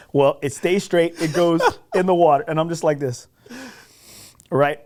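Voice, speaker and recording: A man on a podcast telling a golf story in a casual, animated, self-deprecating way, often checking in with "right?". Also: fairly high pitch, normal speed.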